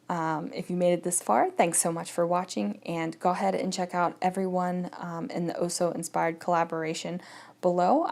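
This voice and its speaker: A woman with a fairly low, darkish voice and noticeable vocal fry narrates her scrapbooking in an easygoing voice-over. She's chatty and thinks aloud while crafting.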